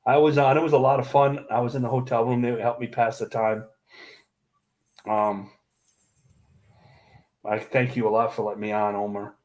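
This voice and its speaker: Laid back guy chatting on a drawing stream, mid pitch, teasing. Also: little pitch movement, moderate pace, long pauses, darkish tone. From New York. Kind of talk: casual chat on a drawing stream.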